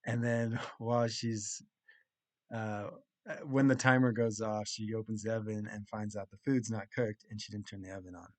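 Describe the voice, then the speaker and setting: A man's voice: on the low side, no echo. A young adult man, a college student, casually recapping his class week and retelling a story step by step. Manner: plainly retelling a story step by step, with pauses and restarts.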